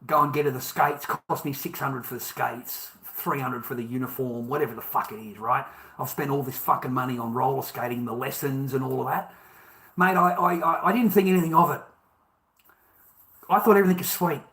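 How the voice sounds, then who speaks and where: A man's voice: mid-range voice, fairly even intonation, fairly quick, creaky, fairly bright tone. A man with an Australian accent, telling a personal story in a profane, emphatic rant that repeats points for emphasis.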